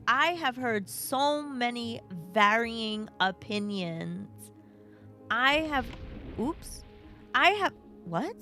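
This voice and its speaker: A woman's voice: on the high side, pushed and bright. A woman from Brooklyn with a New York accent, live-streaming a game, chatting playfully and reading chat aloud. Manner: playful, bouncy, chatty with viewers.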